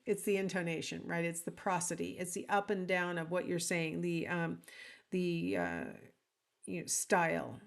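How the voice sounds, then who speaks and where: A woman's voice: on the low side, moderate pace, gravelly. A woman instructor giving a casual, conversational recorded lecture, with frequent ums and asides to the listener. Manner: acts out example lines in different intonations. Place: alone at home or office, speaking to a recording.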